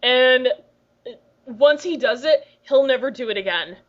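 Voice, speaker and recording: A woman's voice: high-pitched, animated, measured pace. A woman hosting a podcast in casual chat, talking freely and laughing often. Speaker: podcast host. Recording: dull lo-fi recording.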